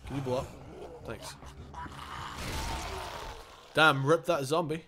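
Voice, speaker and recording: A man's voice: on the high side, steady tone, slow pace, noisy background. A man casually commenting on his own gameplay, rambling, correcting himself and chuckling as he goes. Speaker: gaming channel host. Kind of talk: casual let's-play commentary.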